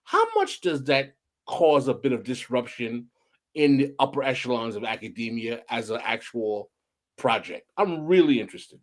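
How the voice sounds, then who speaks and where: A man hosting an interview podcast, asking questions in an emphatic, provocative and animated way. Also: mid-range voice, normal speed. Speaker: podcast host.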